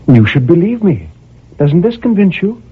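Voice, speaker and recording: A man reading aloud plays an aloof young woman who speaks of love with cool, unreadable calm. The voice is husky and pitched up, with a lively swing to it. It comes through thin, phone-like audio. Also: normal speed, full character voice. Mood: insistent. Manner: cool, insistent, softly pitying. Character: cold, mysterious young woman, evasive lover.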